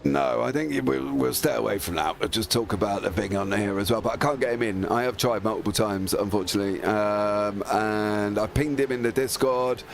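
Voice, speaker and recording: A man's voice: on the low side, moderate pace, gravelly, few pauses, a little hiss or hum. A man giving rambling, chatty live commentary on a charity sim race. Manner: rambling, chatty, many fillers.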